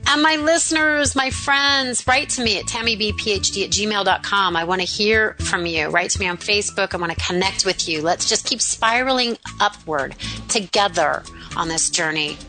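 A middle-aged woman hosting a radio talk show, effusive and quick to laugh in casual conversation. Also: mid-range voice, soft background music. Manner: warm, effusive, laughs easily.

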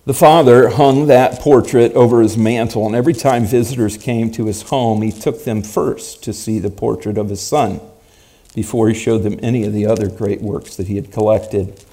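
A male preacher telling a story in a sermon, dramatic and at times building to loud emphasis. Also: on the low side, fairly even intonation, normal speed.

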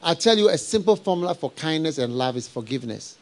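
Man, middle-aged, pastor, live sermon, somewhat high voice, animated, rhetorical questions. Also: quick pace, hardly any pauses. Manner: animated, rhetorical questions to the congregation, frequent laughs.

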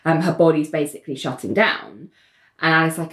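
A woman co-hosting a casual chat, animatedly recapping a TV episode and acting out the characters' lines in quick voices. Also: low-pitched, expressive, echoey room. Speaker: podcast co-host recapping a TV episode.

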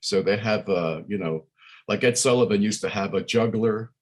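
A man's voice: lowish voice, moderate pace, husky. A man, a musician guest chatting in an interview and rambling with many fillers and restarts. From Brooklyn, New York. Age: 60s. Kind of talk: casual interview chat.

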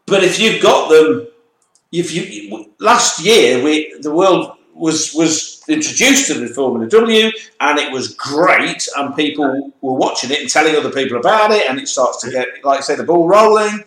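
Male co-host, animated ranting banter, higher voice, roomy echo. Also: moderate pace. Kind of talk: casual banter.

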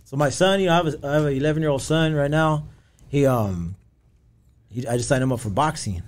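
A man's voice: fairly high pitch, brisk. A man in his thirties with a Southern California accent, a guest telling stories in an easygoing way, laughing often. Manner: easygoing, laughs while telling stories, says "you know what I mean". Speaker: podcast guest. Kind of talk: casual storytelling.

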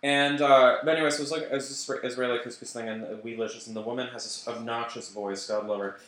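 A man's voice: medium pitch, steady tone, fast talker, a bit bright. British man, podcast co-host, jokey cooking chat, echoey room. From Britain. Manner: joking, laughs often. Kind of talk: casual chat while cooking.

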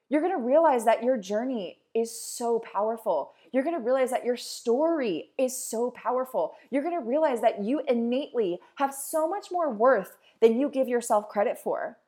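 A woman in her thirties delivers a motivational podcast monologue, her voice sitting a little higher than most. She drives her points home through repetition and emphatic, rallying phrasing. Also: darkish tone. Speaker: podcast host.

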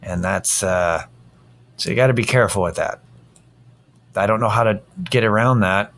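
A man's voice: on the low side, moderate pace, fairly bright tone. A man hosting a casual solo podcast, drained and worn out, rambling in a tired, self-deprecating way. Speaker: podcast host.

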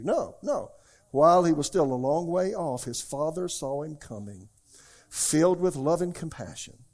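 A male pastor delivers a sermon to a live congregation in church, his medium-pitched voice expressive and moderately paced. He moves back and forth between emphatic, loud exclamations and quiet, near-whispered asides.

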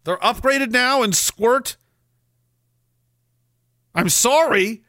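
On a casual livestream, a podcast host reads chat in a slightly high, animated voice with a fairly bright tone at normal speed. His talk rambles and is peppered with swearing and abrupt mock outrage. Studio-quality audio with no echo.

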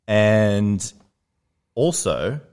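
Animated man telling stories. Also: lowish voice, drawn-out words, smooth. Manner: animated storytelling, acts out quoted voices. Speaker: podcast co-host. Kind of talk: casual chat.

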